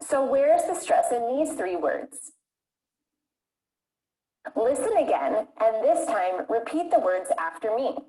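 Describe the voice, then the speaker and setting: A woman teaching English pronunciation in a clear, deliberate, scripted way. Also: on the high side, sing-song, mellow. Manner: clear, deliberate modeling of words. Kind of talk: scripted lesson narration. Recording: echoey room.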